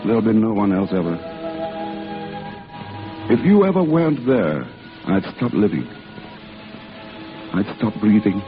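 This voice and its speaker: A man's voice: lowish voice, big pitch swings, over music. Playful young man turned earnest lover in an old film, on a tinny soundtrack with score behind. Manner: playful clowning, then halting, earnest confession. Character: young man home from service, joking and lovesick. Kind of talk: 1940s film acting.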